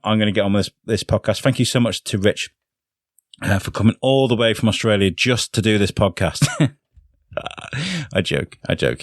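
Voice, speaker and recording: A low-voiced man opens his podcast in a loose, rambling way, full of "um"s and little jokes at his own expense. The sound is dry and close, with almost no room around it. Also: no echo. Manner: chatty and self-deprecating, lots of fillers. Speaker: podcast host. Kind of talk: casual solo podcast intro.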